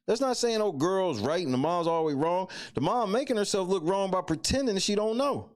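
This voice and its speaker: A man's voice: sits high, brisk. A man co-hosting a livestream, giving blunt, profane casual commentary on viral videos. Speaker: livestream co-host.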